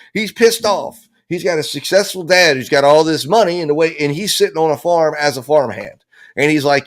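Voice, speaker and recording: A man's voice: a little high, fairly bright tone. A man commenting live on a murder trial, building his theory with heat and acting out the lines he imagines people saying. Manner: impassioned, theorizing, acts out quoted lines. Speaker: true-crime trial commentator.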